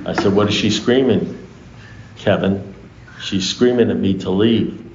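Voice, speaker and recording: A low, gravelly man spins a rambling story to a room full of listeners and acts out every line of dialogue. The sound is muffled and lo-fi, with the echo of a meeting hall around him. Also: unhurried, background noise. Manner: animated storyteller acting out dialogue, swears freely. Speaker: recovery meeting speaker. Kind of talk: storytelling talk to an audience. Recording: echoey room, dull lo-fi sound.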